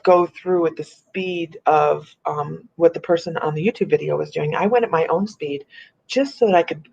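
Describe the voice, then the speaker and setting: Husky chatty woman on a live stream. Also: deep voice, normal speed. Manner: chatty, animated, laughs often. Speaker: psychic medium host. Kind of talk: casual live-stream chat. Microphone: computer or phone on a live video stream. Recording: muffled lo-fi stream audio.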